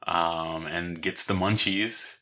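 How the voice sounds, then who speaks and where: A very low-voiced man with a bright, cutting tone talks through a movie in easygoing chat. He agrees a lot and laughs easily, relaxed and loose. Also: slow. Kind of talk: casual chat recapping a film.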